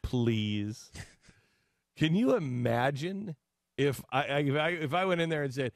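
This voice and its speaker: A man hosting a talk show, speaking in a sarcastic, animated way into a studio mic. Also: on the high side, measured pace, gravelly, no room sound. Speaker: host. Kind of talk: talk radio commentary.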